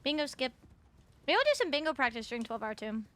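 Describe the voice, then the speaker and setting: Young woman, Canadian accent, high voice, chatty live-stream talk, swears, lots of fillers. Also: sing-song, fast, fairly bright tone. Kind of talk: casual live-stream chat while gaming.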